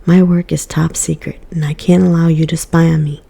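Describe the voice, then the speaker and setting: A woman voicing a cold, threatening older male neighbor in a hoarse, breathy whisper, as whispered role-play. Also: deep voice, little pitch movement, heavily acted. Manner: speaks slowly and softly, threatening.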